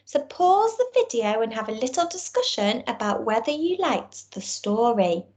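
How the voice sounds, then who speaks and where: A woman teacher, giving a recorded lesson and reading a storybook aloud to young children in a clear, encouraging way. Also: on the high side, normal speed. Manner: encouraging, clear and expressive, speaking to small children. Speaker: primary school teacher.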